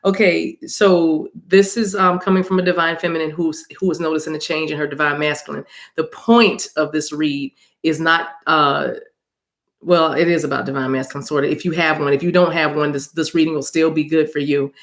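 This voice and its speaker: A woman's voice: deep voice, steady tone, a little fast. A woman hosting a spiritual reading livestream on her phone, chatting casually with viewers, laughing, and calling them y'all. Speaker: spiritual reader and channel host.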